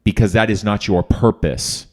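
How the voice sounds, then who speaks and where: Low-voiced, earnest podcast host. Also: male voice, steady tone, moderate pace. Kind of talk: reflective podcast conversation.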